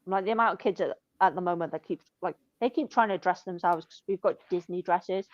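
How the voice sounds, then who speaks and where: A woman, telling shop stories in a blunt, sweary, deadpan way. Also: on the low side, brisk, dry recording. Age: 20s. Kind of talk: casual chat. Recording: dull lo-fi dry sound.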